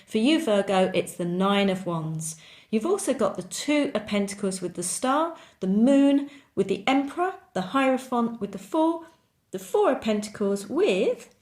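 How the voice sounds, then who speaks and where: Woman, tarot reader, mid-pitched, chatty, encouraging, repeats words. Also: darkish tone. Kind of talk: monthly tarot reading.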